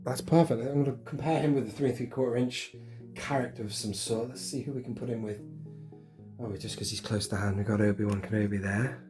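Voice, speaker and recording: Middle-aged bloke unboxing toys at home, chatty and excited, bit of music faint behind him. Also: male voice, medium pitch, a little fast. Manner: chatty, enthusiastic, talks to himself while unboxing. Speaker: collector vlogger. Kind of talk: casual unboxing chat. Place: home collection room.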